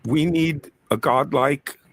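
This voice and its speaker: A man hosting a livestreamed card reading, speaking in slow, mystical phrases about energy and signs. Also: a little high, a bit bright, no room sound. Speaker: card reader.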